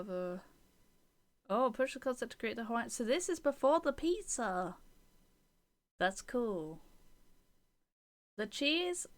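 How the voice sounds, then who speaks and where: A woman streams a game, reading its text aloud and chatting with viewers between passages. She talks in an opinionated, chatty way, slipping into soft whispered asides and little giggles. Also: medium pitch.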